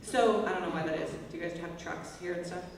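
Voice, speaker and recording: A woman's voice: on the low side, fairly even intonation, quick pace, crowd noise. Woman vocal coach in an echoey hall. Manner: chatty, informal teaching with sung examples and light laughs. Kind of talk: live vocal master class with sung demonstrations. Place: large hall, heard from a distance. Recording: echoey hall recording from far off.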